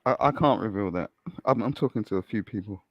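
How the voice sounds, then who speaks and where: A man calling into a live stream, telling his story in a casual, animated way, swearing and laughing as he goes. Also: on the low side, fast talker, no room sound, muffled recording. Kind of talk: casual chat.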